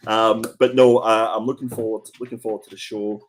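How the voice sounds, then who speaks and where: A man's voice: lowish voice, level tone, brisk, a little hiss or hum. A man hosting a casual comics livestream, chatty and prone to repeating his words as he goes. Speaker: comic show host.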